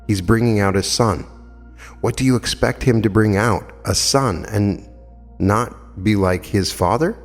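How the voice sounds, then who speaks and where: A man's voice: fairly low pitch, measured pace, long reverb tail, soft background music. A man in his fifties giving a spiritual lecture, telling anecdotes earnestly and emphatically with rhetorical questions. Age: 50s. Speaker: metaphysical lecturer.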